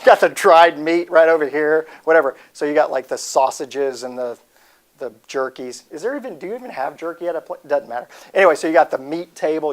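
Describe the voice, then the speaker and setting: A man in his forties giving a humorous motivational talk, rambling and joking and breaking off mid-sentence. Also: fairly high pitch. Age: 40s.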